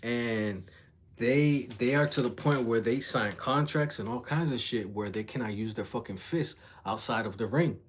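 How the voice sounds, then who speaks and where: A man's voice: mid-range voice, moderate pace, slight background noise. A young man telling a story on a livestream in casual, profane slang, acting out the voices of the people in it. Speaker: reaction vlogger.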